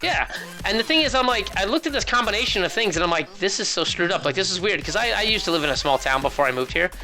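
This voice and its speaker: A male esports caster chats casually, drifting into rambling, joking stories. His voice is bright and sits a little high, with faint music behind. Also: animated, quick pace. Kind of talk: casual chat.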